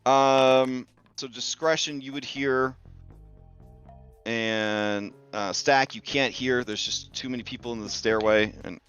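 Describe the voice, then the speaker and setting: A man's voice: medium pitch, fairly even intonation, slow, fairly bright tone, smooth, soft background music. A man game master narrating a tabletop game on stream in a chatty way, full of fillers. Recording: dull lo-fi stream audio.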